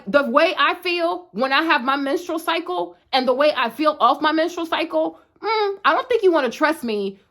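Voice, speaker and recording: A woman's voice: high voice, a bit bright. A woman in her thirties talking straight to her viewers in a blunt, emphatic way, often asking "you know what I'm saying". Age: 30s. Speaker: vlogger. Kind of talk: direct-to-camera talk.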